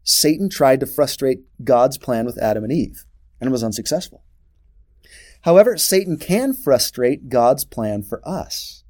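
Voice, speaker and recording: A man teaching a scripture lesson in an expressive way, posing rhetorical questions to his class. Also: mid-range voice.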